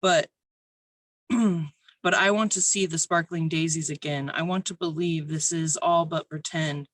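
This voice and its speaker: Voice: mid-range voice, steady tone, measured pace, fairly bright tone. A poet reading their own spoken word poems at an online open mic, nervous but intense.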